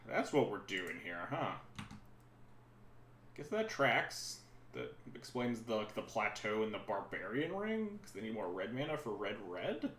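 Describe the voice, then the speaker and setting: A man's voice: lowish voice, big pitch swings, a little slow, fairly bright tone, roomy sound, slight background noise. A man streaming a card game from home, giving casual, rambling commentary that keeps breaking off mid-sentence. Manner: chatty, rambling, self-interrupting. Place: room at home.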